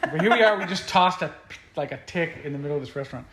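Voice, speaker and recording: A man's voice: a little high, lively intonation, fast talker, a bit bright, roomy sound. A man who is a guest musician, telling stories in a casual interview, rambling along with many fillers and restarts.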